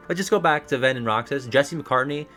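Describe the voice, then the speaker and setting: A young man in casual reaction chat about a video game, rambling and excitable, laughing often. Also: mid-range voice, moderate pace, soft background music.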